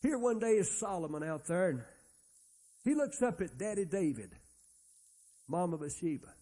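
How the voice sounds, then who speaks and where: A man's voice: high-pitched, big pitch swings, moderate pace, mellow. A man preaching a sermon, retelling Bible stories in a folksy way and acting out the characters' lines. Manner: folksy storytelling, acts out Bible characters' dialogue.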